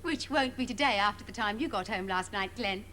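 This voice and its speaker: An actress playing a sing-song, condescending children's TV presenter with barbed asides. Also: female voice, mid-range voice, fairly quick, pushed and bright, a little hiss or hum, natural voice. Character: sugary sarcastic woman kids' TV presenter.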